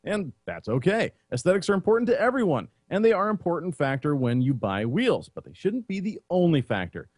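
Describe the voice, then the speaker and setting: Lively male tech segment co-host. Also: on the high side, a little fast, hardly any pauses, dry recording, studio quality. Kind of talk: semi-scripted tech talk.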